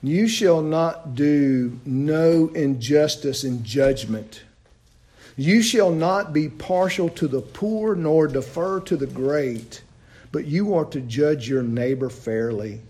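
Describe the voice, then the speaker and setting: A man preaching a sermon, asking his listeners loud questions and dropping to low, hushed lines. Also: slow pace, husky.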